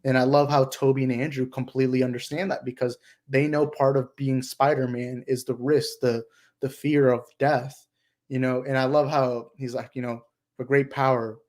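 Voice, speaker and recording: A young man in mid-range pitch gushes through a casual movie chat as the channel host. He talks in an excited, rambling way and leans on fillers and restarts as he goes. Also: moderate pace. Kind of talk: casual movie discussion livestream.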